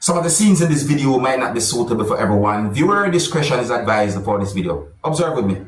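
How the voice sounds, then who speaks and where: A man's voice: medium pitch, lively intonation, fast talker, far from the mic, a little hiss or hum. A man hosting a commentary vlog, repeatedly addressing his viewers and subscribers in a formal, roundabout way. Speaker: vlog host. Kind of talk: news-style commentary vlog. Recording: echoey room, voice a bit off mic.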